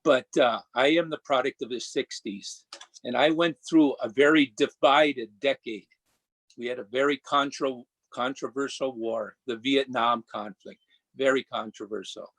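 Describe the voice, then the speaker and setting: An older man from Minnesota speaks as a council member in an earnest, deliberate way, sometimes breaking off a word and starting again. His voice sits at an ordinary middle pitch. The sound is dry and close, with little room around it. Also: steady tone, fairly bright tone, no room sound. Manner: earnest and deliberate, with halting restarts. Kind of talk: prepared remarks at a council meeting. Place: council chamber.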